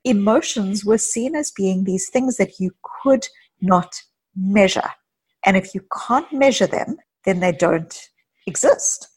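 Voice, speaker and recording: A woman psychologist, a guest in an interview, talking earnestly and telling personal stories with quick asides. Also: mid-range voice, lively intonation, a little mellow, breathy edge. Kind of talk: casual interview conversation.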